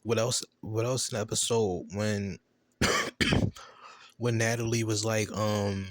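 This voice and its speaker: Man, low voice, AAVE, casual profane show-review rant, laughs easily. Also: fairly even intonation, slow, a bit bright, no room sound. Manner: loose, chatty, profane storytelling with laughs.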